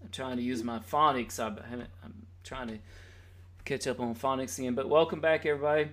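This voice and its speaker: A man's voice: mid-range voice, steady tone, fairly quick, fairly bright tone. A man hosting a podcast in casual chat, joking and rambling as he teases his co-hosts. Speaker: podcast host.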